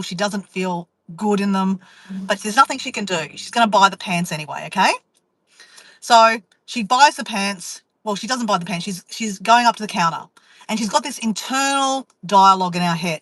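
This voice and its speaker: A woman vlogger, telling a story to her live chat in a chatty, animated way and acting out inner voices. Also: medium pitch, no echo, rough recording.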